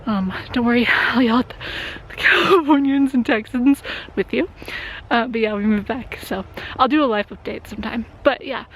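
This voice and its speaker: Chatty young woman, fairly high voice. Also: normal speed, poor audio. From Colorado. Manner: chatty, laughs often, drops to hushed asides. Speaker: vlogger. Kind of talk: casual vlog chat. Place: outdoors on a walk, later at a hospital.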